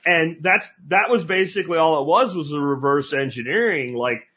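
A man hosting a podcast interview, talking in a blunt, animated, casual way with some cursing. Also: on the high side, moderate pace, breathy edge, lo-fi sound. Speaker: podcast host.

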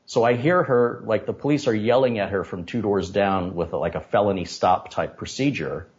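A man, a tech streamer, recounting a story as an interview guest, in an animated and indignant way. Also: lowish voice, normal speed. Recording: dull lo-fi audio.

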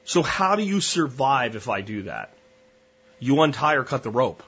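A man's voice: medium pitch, sing-song, moderate pace, fairly bright tone, breathy edge, highs cut off. A man hosting a solo podcast, talking bluntly and at length through long, rambling analogies. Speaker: podcast host.

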